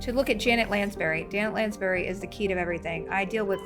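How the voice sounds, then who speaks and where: A woman's voice: mid-range voice, quick pace, over music. A woman chatting casually while she streams a video game, telling stories and reacting to the play. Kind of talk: casual chat while gaming.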